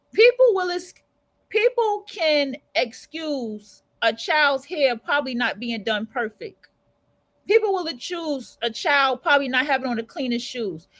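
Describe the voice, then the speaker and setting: A woman's voice: sits high, fairly bright tone, no echo, rough recording. A woman hosting a livestream, ranting bluntly and profanely in casual commentary. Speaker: livestream radio host.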